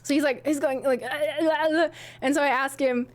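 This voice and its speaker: A woman's voice: high-pitched, steady tone, moderate pace. A young woman streamer telling a story casually to her chat, rambling and giggly with many restarts.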